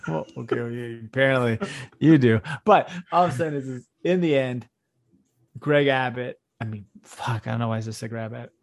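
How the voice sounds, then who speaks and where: A man's voice: mid-range voice, moderate pace. A young man co-hosting a podcast in casual political chat, blunt and swearing, laughing often. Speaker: podcast co-host.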